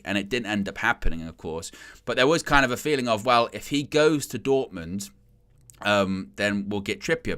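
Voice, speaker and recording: A man chatting casually and rambling excitedly about football on a fan channel's live stream, laughing often. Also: lowish voice. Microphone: headset.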